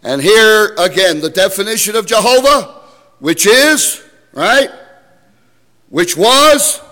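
In a big-sounding room, a preacher with a high voice works through scripture for his congregation, speaking emphatically, seeking amens and building to shouts.

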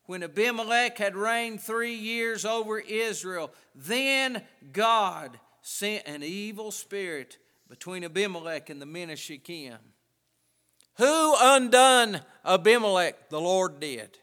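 Slow, bright-voiced male preacher in a hall. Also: high-pitched, lively intonation, clean tone. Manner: emphatic preaching with many pauses and restarts. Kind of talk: sermon.

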